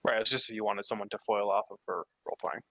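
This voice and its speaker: A man's voice: on the low side, steady tone, fast, gravelly, fairly bright tone, no room sound. A man playing an online tabletop game, making brief, offhand suggestions in casual chat. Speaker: player.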